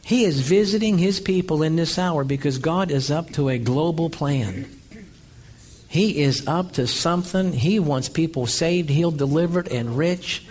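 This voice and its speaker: A male pastor preaching an energetic sermon, telling stories and calling for amens. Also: on the high side, unhurried. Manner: energetic, calls for amens, storytelling.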